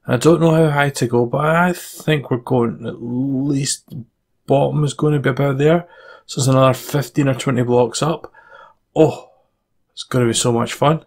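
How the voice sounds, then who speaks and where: Male gaming host, gravelly mid-pitched voice, loose casual commentary that stumbles and restarts. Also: fairly even intonation, moderate pace. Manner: rambling, stumbling over words.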